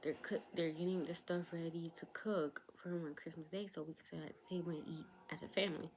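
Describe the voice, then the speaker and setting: A woman's voice: sits low, fairly even intonation, fairly quick, a little mellow, slight background noise, rough recording. A young woman telling a personal storytime to her viewers, chatty, talking straight to them and slipping into whispered asides. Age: young adult. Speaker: vlogger. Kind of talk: storytime vlog.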